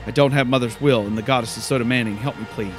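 A man's voice: medium pitch, steady tone, quick pace, over music, lightly acted. A man reading out a grieving, vengeful young girl who is a sea-witch, pleading yet threatening.

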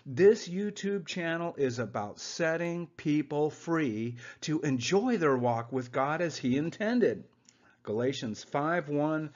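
A man's voice: on the high side, a little mellow, dull audio. A man teaching the Bible informally over slides. He speaks in a sarcastic, hesitant way, with many "uh"s and mocking asides.

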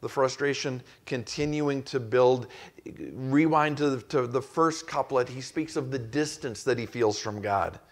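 A man's voice: medium pitch, measured pace. A male pastor preaching an expository sermon, acting out the quoted voices with rising intensity. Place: church.

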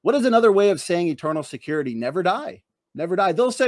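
Emphatic man with a higher voice, dry sound. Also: animated, fast talker, darkish tone, dry recording. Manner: emphatic, with rhetorical questions and sarcasm. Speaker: debater. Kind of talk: debate opening statement.

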